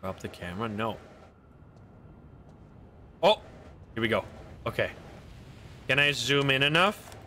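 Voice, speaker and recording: Excitable man streaming a game. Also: mid-range voice, measured pace, long pauses, a little hiss or hum. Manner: excitable, swears and laughs, narrates his moves. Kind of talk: casual gameplay commentary.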